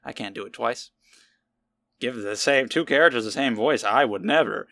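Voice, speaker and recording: A man's voice: medium pitch, normal speed, creaky, fairly bright tone. A young man casually commenting while playing a game, rambling with joking asides to himself. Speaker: let's play host.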